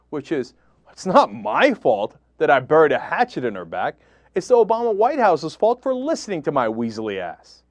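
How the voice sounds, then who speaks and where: A man's voice: fairly high pitch, no room sound. A man hosting a political commentary show, talking in an angry, sarcastic and emphatic way. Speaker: host.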